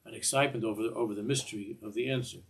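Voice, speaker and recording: A man's voice: lowish voice, fairly even intonation, rapid-fire. An older man teaching a Torah class in a discursive way, often repeating words and mixing in Hebrew phrases.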